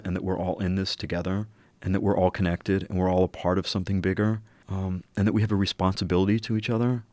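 A middle-aged man telling a personal story in an earnest, reflective way, slowing down at key moments. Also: low voice, no echo. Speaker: interview guest.

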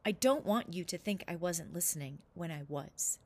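A woman's voice: lowish voice, animated, moderate pace, darkish tone, husky. A woman voicing an earnest, touchy young boy in a storybook who insists he was listening. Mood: insistent. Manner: insistent, a bit cross.

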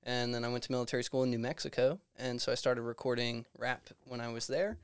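A young man from Virginia chatting as a podcast guest, relaxed and hesitant with many ums. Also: medium pitch, quick pace, clear, resonant tone, no echo. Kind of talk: casual interview chat.

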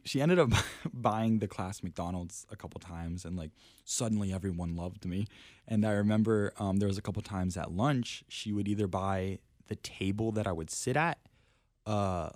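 Low-voiced young man telling stories. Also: moderate pace, a little mellow, no room sound, clean studio sound. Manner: self-deprecating, laughs often, lots of fillers. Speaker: podcast guest. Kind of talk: casual storytelling chat.

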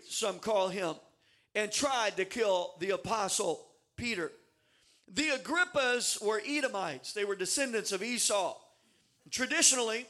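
A man preaching a sermon in a very high, bright voice. He is animated and emphatic, with big dramatic swings, and he doubles words as he builds momentum.

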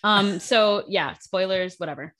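A woman's voice: medium pitch, a little slow, fairly bright tone. A young woman co-hosting a casual podcast chat, giggly and chatty with lots of fillers. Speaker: podcast co-host.

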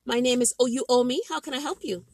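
A woman's voice: sits high, fast, breathy edge. A woman playing a brash customer service representative on a call, sassy and clipped, in a comedic role-play.

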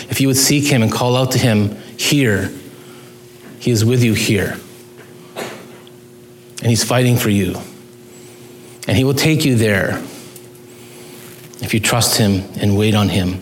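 A man's voice: mid-range voice, echoey room, a little hiss or hum. A man preaching a sermon as pastor, earnest and emphatic, with sudden rises and drops in his voice.

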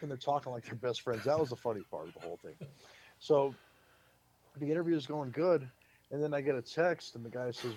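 A man, a publicist, telling show-business stories in a lively, casual way on a podcast and acting out what people said. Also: medium pitch, fast talker, a little hiss or hum. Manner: lively anecdote-teller, acts out quotes.

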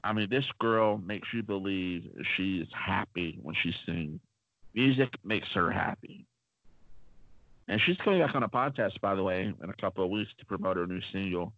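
A man with a lowish voice tells long, wandering stories on a casual podcast, filling pauses with plenty of ums and uhs. The sound is dull and lo-fi, close and dry with no room around it. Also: no echo. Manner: rambling, chatty, many fillers. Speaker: podcast co-host.

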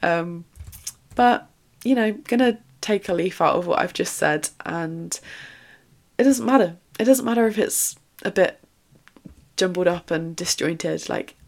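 Young woman, lowish pitch, slightly husky, easygoing rambling solo podcast host with lots of fillers. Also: a little slow, a little mellow. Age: 20s. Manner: chatty, rambling, frequent fillers. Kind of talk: casual solo podcast monologue.

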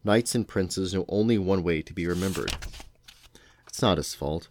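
A man reads the part of a practical woman cook from a storybook. She speaks mildly and plainly. The voice stays deep. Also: moderate pace, darkish tone, slight background noise. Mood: gentle. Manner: mild, matter-of-fact.

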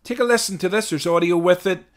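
This Christian podcast host has a high-pitched voice and talks fast. In his commentary he earnestly explains clips and reads from scripture, repeating key phrases to drive them home.

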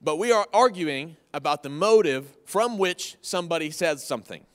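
With a voice on the high side, a thirty-something pastor delivers a conversational sermon at a moderate pace and in an animated way. He's folksy and leans on repeated key phrases, while the room adds a long hall reverb.

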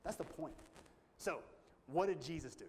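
A man preaching a sermon in a folksy, emphatic way, climbing high when stirred. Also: lively intonation, moderate pace, darkish tone, slight background noise. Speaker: pastor.

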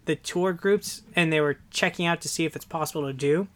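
A man's voice: a little high, brisk, a bit bright. A man co-hosting a casual chat, rambling with many fillers and restarts. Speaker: podcast co-host.

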